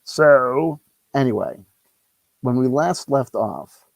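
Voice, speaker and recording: A man's voice: medium pitch, expressive, slow, vocal fry, no room sound, poor audio. A man hosting a solo tabletop game on a lapel mic, rambling and ranting, swearing freely. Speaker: solo tabletop game player and channel host. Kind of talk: casual solo game commentary.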